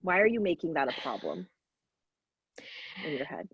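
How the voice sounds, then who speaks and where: Husky-voiced woman coaching warmly. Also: low voice, sing-song, no echo, muffled recording. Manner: encouraging, emphatic, slows down to stress key phrases. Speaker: business coach. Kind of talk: live group coaching call.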